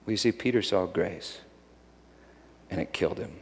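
A middle-aged man preaching a sermon, moving between loud shouted lines and quiet whispers. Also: deep voice, moderate pace, husky. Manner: dramatic swings from shouting to hushed whispers. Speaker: pastor. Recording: long hall reverb.

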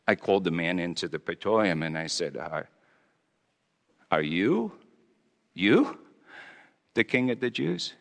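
A man's voice: sits low, sing-song, unhurried, gravelly, long pauses, a bit bright, long reverb tail, exaggerated voice. A man playing Pontius Pilate as a conflicted Roman governor, speaking a stammering, confessional monologue in character. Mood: haunted. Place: church hall.

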